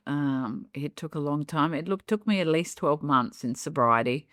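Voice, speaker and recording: A woman's voice: sits low, lively intonation, normal speed, few pauses, a bit bright, dry recording, clean studio sound. A middle-aged woman telling her own life story as a podcast guest. She speaks openly and reflectively, with frequent "um" and "you know". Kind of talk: candid personal storytelling in a podcast interview.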